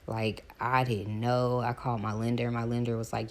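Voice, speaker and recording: A woman, chatting casually to her viewers while doing her hair, animated as she retells her calls. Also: very deep voice, moderate pace, vocal fry, hardly any pauses. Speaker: vlogger.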